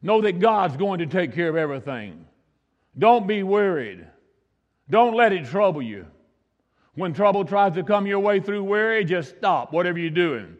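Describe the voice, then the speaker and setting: High-voiced folksy preacher in an echoey hall. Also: male voice, lively intonation, moderate pace, highs cut off. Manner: homespun, repeats himself for emphasis. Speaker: pastor. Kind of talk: folksy storytelling sermon.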